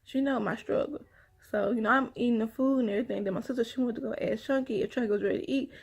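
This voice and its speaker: A woman's voice: a little high, fast, vocal fry, a little mellow, husky. A woman telling a rambling personal story to her viewers, sighing often and calling them y'all. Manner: chatty, addresses viewers as y'all, sighs often. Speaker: vlogger.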